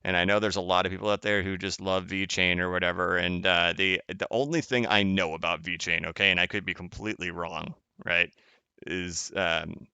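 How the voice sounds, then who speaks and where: Chatty man, bright and clear. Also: low-pitched, no room sound. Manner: rambling, self-correcting, laughs often. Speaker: crypto live stream host. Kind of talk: casual live stream chat reading viewer comments.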